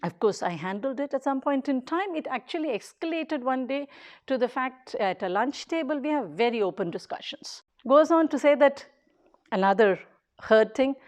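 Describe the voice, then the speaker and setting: High-voiced woman giving an earnest talk. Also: expressive, normal speed. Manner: earnest, emphatic, short repeated phrases. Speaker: daycare leader. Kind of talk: public talk.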